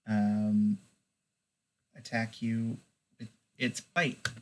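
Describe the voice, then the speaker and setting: A man running a tabletop game as game master, relaxed and loose, with lots of fillers. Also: fairly low pitch, very slow, background noise.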